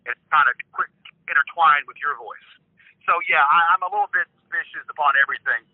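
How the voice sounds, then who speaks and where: A man's voice: fairly high pitch, a little fast, no room sound. Older man, angry phone call, stammering and cursing, tinny dry phone line. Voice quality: profane, repetitive, stammering. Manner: suspicious and defiant, rising in anger. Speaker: prank call target.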